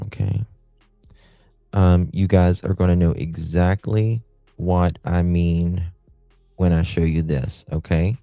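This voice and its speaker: A man's voice: sits low, vocal fry, dark tone, no echo. A man hosting a live stream, chatting sarcastically with his viewers. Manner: sarcastic, talks to chat viewers. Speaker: livestream host. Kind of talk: casual live-stream commentary.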